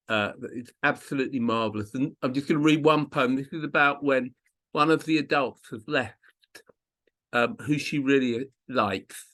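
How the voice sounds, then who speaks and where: A man's voice: mid-range voice, a bit bright. A man at an online open mic, chatting enthusiastically about a book before reading a poem from it over a video call. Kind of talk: poetry reading.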